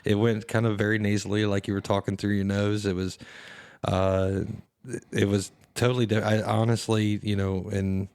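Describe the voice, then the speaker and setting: A man hosting a podcast with a low, monotone voice that keeps a flat, even delivery. He speaks haltingly, starts sentences over, and sounds dry and close to the mic. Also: clear, resonant tone, no echo. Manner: halting, many restarts and laughs. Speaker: podcast host. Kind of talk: casual podcast chat.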